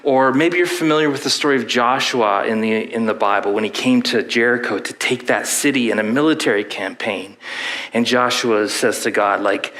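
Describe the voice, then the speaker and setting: A man's voice: medium pitch, moderate pace, fairly bright tone. A man with a Canadian accent preaching a sermon in a church, telling stories and slipping into playful voices. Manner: storytelling with playful put-on voices. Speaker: pastor. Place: church sanctuary.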